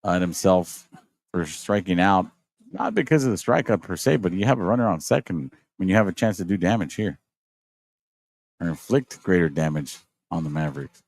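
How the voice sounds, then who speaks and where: A man's voice: low voice, animated, normal speed, gravelly, no echo. A man doing casual baseball commentary, joking around with his co-host. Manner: jokey, laughs easily.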